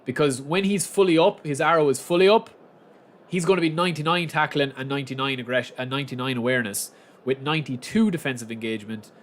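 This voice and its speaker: A young man live-streams his football game and narrates it himself in a relaxed way, talking quickly in a medium-pitched voice. He keeps up a conversation with viewers, breaking into shouts at the key moments.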